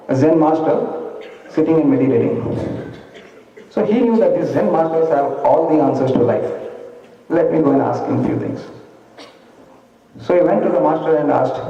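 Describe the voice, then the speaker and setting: A man gives a motivational talk, telling a story and asking the audience questions. His mellow voice comes from a distance, echoing through a large hall with a dull sound. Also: mid-range voice. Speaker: motivational speaker. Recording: echoey hall from far off, dull.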